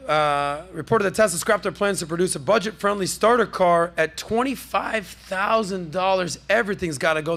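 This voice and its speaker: Brash, gravelly-voiced male podcast host. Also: fairly high pitch, fairly bright tone. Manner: brash, jokey, salesman-like riffing. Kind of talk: casual pop-culture podcast commentary.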